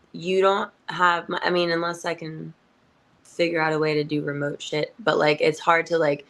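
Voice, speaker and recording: A young adult woman pro wrestler, a guest in a casual interview, talking in an animated way with many fillers and frequent laughs. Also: sits low.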